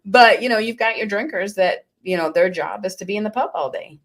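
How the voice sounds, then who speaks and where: A middle-aged woman from Scotland, co-hosting a casual radio talk show and telling stories in a lively, laughing way. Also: mid-range voice, brisk. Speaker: co-host. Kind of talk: casual chat.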